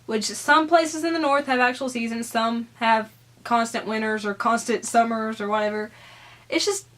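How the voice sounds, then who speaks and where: A young Southern American woman with a Southern accent, chatting casually as she answers viewer questions in her vlog. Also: on the high side. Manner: chatty, rambling, giggly.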